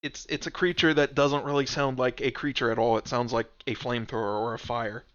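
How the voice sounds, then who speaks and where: A man gives casual stream commentary on a game he built, talking it through in a chatty, explanatory way. His voice sounds bright and forceful. He drops in frequent fillers as he goes. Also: medium pitch, level tone, a little fast, dull audio. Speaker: game developer hosting a stream.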